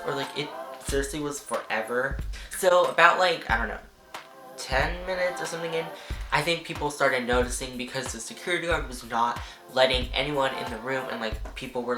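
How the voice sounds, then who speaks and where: A young man tells a storytime to his camera, rambling and packing every sentence with fillers. He gets excitable and acts out how people reacted. His voice rings around a reverberant room while clear background music plays beneath him. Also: medium pitch. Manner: chatty, rambling, fillers of "like" throughout. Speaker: vlogger. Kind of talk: casual storytime vlog. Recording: roomy echo with background music.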